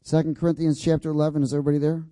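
A man's voice: on the high side, level tone, racing, dark tone, no echo. A man preaching a sermon in an emphatic, repetitive cadence, prompting the congregation to repeat his words and asking if everyone has got it. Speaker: pastor.

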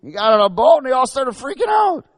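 A man preaching a sermon, asking the congregation questions and building to loud, emphatic bursts. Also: very high voice, very animated, quick pace, no room sound.

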